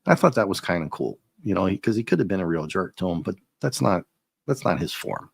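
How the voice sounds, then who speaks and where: Chill guy chatting about comics, gravelly voice, dry close sound. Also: deep voice, very animated, fairly quick, no room sound. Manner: laid-back, paraphrases dialogue with chuckles. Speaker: comic book reviewer. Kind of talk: casual comic review.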